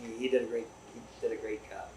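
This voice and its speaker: A man's voice: fairly low pitch, fairly even intonation, fast talker, a little mellow, a little hiss or hum. A man talking as a distiller guest in a casual chat, easygoing and agreeable, recorded at a distillery. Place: distillery room. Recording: roomy, distant mic.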